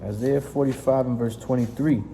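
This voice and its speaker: A man preaching in a fiery, confrontational sermon, reading scripture aloud and breaking off into profane, emphatic asides with a steady "right?". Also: medium pitch, moderate pace, creaky. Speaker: street preacher. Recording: reverberant space with faint noise.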